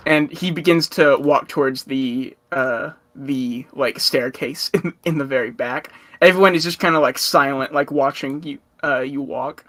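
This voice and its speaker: Slow, rambling man game master. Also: mid-range voice, fairly bright tone. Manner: rambling, filler-heavy, laughs often. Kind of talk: narrating a tabletop game.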